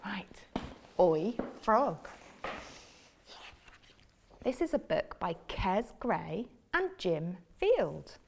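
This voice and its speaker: Slow, animated woman reading a storybook. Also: medium pitch, gravelly, a little hiss or hum. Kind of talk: reading a picture book aloud to children.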